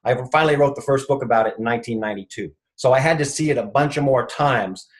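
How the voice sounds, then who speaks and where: A man's voice: medium pitch, fast, poor audio. A man, a chiropractor guest in an interview, telling an anecdote and acting out what each person said. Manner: retells conversations, acting out the quoted speech.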